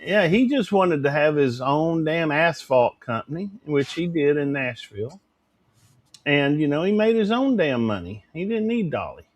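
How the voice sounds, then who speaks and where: A man hosting a casual livestream chat, folksy and animated, swearing casually. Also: on the high side, moderate pace, slight background noise. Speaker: livestream show host.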